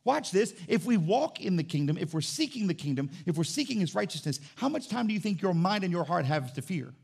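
Gravelly high-pitched preaching man. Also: big pitch swings, a little fast, darkish tone. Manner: preaching with rising intensity, acting out dialogue with God. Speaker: pastor. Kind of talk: sermon.

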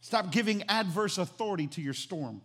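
A man preaching a sermon as pastor, animated and emphatic, repeating phrases for emphasis. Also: high-pitched, brisk, breathy edge.

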